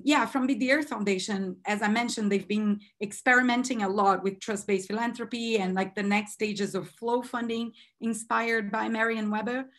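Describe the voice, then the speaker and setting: A woman's voice: medium pitch, a bit bright. Woman moderating a video-call webinar. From Brazil. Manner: thinks aloud with fillers and restarts. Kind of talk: casual moderating and introducing speakers.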